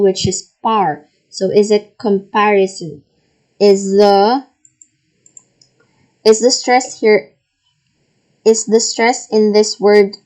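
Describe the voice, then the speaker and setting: Slow, mellow-voiced woman teaching reading. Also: mid-range voice, rough recording. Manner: slow, patient, repeats and models each word. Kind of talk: recorded reading lesson.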